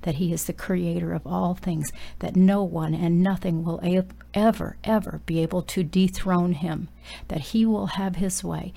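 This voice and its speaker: A woman's voice: lowish voice, steady tone, normal speed, vocal fry, dark tone. A woman preaching a sermon and leading a prayer, exhorting her listeners and dropping at times into urgent whispers.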